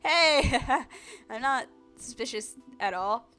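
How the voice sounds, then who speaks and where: A woman voicing a nervous, nerdy young boy who talks quickly and defensively. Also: on the high side, lively intonation, bright, forceful tone, faint music behind, voice pushed up, exaggerated voice.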